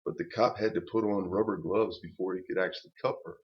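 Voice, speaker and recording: A man's voice: deep voice, fairly even intonation, quick pace. An older man telling a personal story to camera in a rambling, profane rant full of restarts. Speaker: channel host. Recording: dull lo-fi recording.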